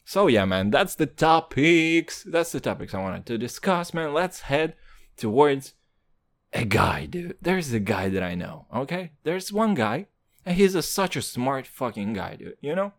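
Slangy, profane comic with lively swings. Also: male voice, mid-range voice, measured pace, no room sound. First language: not English. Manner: profane slangy hip-hop talk, swinging between loud and muttered. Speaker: stand-up comedian. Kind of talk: stand-up comedy monologue.

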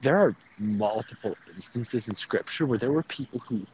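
A man's voice: mid-range voice, lively intonation, moderate pace, darkish tone. A young man in casual faith conversation, talking animatedly with many fillers and laughs, outdoors near traffic. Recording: dull lo-fi sound with faint traffic noise.

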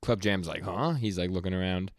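A young man co-hosts a podcast in a casual manga recap chat, his low voice captured with clean studio sound and no echo. He retells comic scenes in quick quoted lines, stumbling over his words with many stammers.

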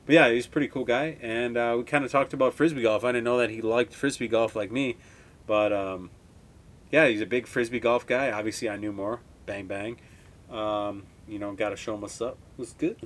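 In a slightly quick, steady, medium-pitched voice, a young man from Wisconsin hosts a podcast and spins loose, rambling stories. He's relaxed and extremely profane, in his twenties, delivering a casual monologue.

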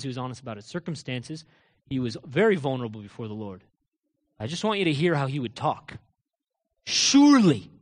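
A man preaching a sermon, jumping from loud emphatic declarations to quiet low asides and acting out quoted lines with rising fervor. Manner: acts out quoted voices and scripture with rising intensity. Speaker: pastor.

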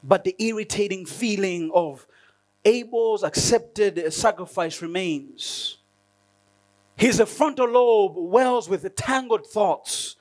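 High male preacher, lively delivery, laughs a lot, acts out prayers in a sermon. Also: slow. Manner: animated, laughing often, acting out prayers.

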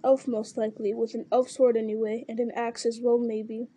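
A woman's voice: on the high side, level tone, moderate pace, mellow, husky. A woman voicing a mocking, suspicious male orc captain who sneers and jeers at his rival in an audiobook reading.

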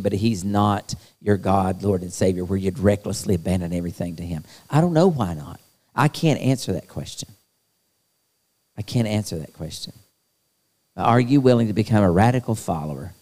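A man preaching to a youth conference, animated and acting out the voices he quotes. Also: fairly low pitch. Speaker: youth pastor. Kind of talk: sermon. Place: large hall at a youth conference. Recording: long hall reverb.

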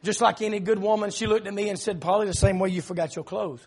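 A middle-aged man with a Southern accent preaching a sermon in church, telling a long story with frequent "uh" fillers and loud shouted peaks. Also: high voice, steady tone, fast talker, breathy edge, a faint crowd. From South Carolina.

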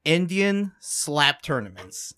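A man's voice: on the high side, very animated, takes it slowly, sharp tone, clean tone. A man co-hosting a casual podcast, talking in a laid-back, enthusiastic way. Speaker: podcast co-host. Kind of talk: casual chat.

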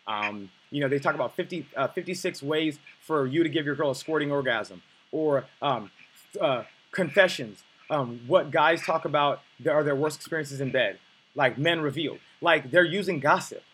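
A man's voice: on the high side, moderate pace, fairly bright tone, husky, rough recording. A man coaching on dating, teaching in a blunt, profane, emphatic way. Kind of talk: coaching lesson.

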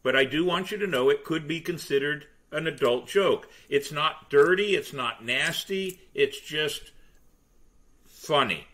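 Animated male storyteller, bright voice. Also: fairly high pitch, unhurried. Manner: animated storyteller, acts out quotes. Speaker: pirate museum tour guide and entertainer. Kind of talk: casual podcast chat, storytelling.

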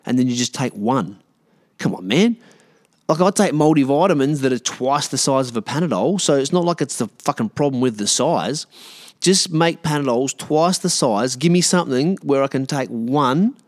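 Animated and mid-range in voice, this Australian man in his late thirties speaks at normal speed. Hosting his podcast solo, he goes on a rambling rant full of swearing and sarcasm.

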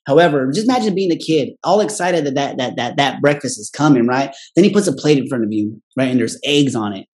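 A man's voice: mid-range voice, animated, a little mellow. A man telling a candid personal story in a casual, profane way, tagging nearly every phrase with "right?" and briefly acting out family members' voices. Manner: profane and blunt; acts out family members in quick quoted voices.

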